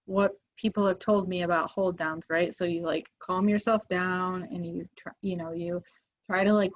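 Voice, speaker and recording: A woman guest on a podcast, telling a story casually with lots of "like" fillers and getting animated as it builds. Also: mid-range voice, highs cut off. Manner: animated, lots of "like" fillers, rises when excited.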